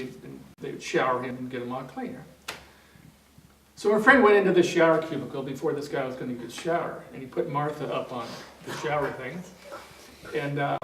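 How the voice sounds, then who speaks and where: A man working as a trainer, telling an anecdote in a seminar in a rambling way, full of fillers and restarts. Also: medium pitch. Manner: rambling, many fillers and restarts, chuckling storyteller. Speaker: NLP trainer. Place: training room. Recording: roomy hall, distant mic, faint noise.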